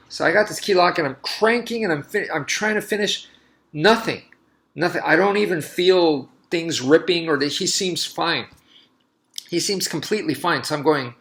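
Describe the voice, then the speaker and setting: Bright-voiced man telling a rambling story. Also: fairly high pitch, moderate pace. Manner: loose and rambling, with many restarts. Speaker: martial artist.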